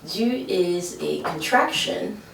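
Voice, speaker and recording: A woman's voice: lowish voice, expressive, slow pace, creaky, noisy background. A woman teaching French pronunciation, explaining patiently and often checking in with "okay?". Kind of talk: whiteboard language lesson. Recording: echoey room from far off.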